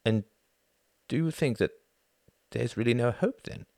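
A man voicing an earnest, slightly naive gentleman who stammers and hesitates. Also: mid-range voice, a little slow, gravelly, no echo, clean studio sound, voice pushed up.

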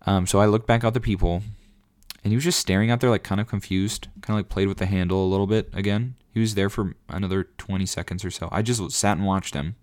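Rambling young man telling a story. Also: low voice. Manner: animated, rambling, lots of fillers and laughs. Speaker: vlogger. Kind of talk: casual storytelling.

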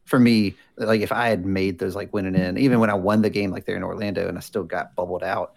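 A man's voice: low voice, steady tone, fast, creaky. A man co-hosting a podcast, talking eagerly and laughing easily in casual chat. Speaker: podcast co-host.

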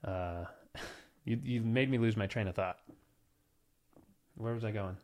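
A man in his thirties chats loosely as a podcast host, joking and teasing his co-host. His voice sits a little low. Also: measured pace, darkish tone. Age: 30s. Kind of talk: casual podcast chat.

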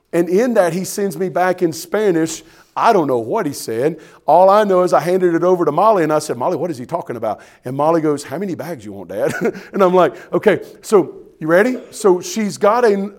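High-voiced preacher, emphatic and folksy. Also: male voice, a little mellow. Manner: emphatic preaching, asks "you ready?" often. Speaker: pastor. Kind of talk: sermon.

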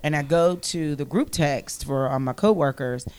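Woman podcast co-host, deep voice, casual chat, acts out quotes. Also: normal speed, a little hiss or hum. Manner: lively storyteller, acts out quotes.

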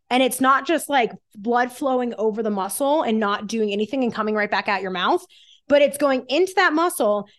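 A woman's voice: fairly high pitch, a bit bright. A woman guest on a fitness podcast, energetically explaining exercise science with everyday analogies.

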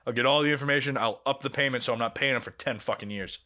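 A man in his twenties telling an animated story in casual podcast chat, swearing freely. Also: medium pitch, rapid-fire. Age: 20s. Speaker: podcast co-host.

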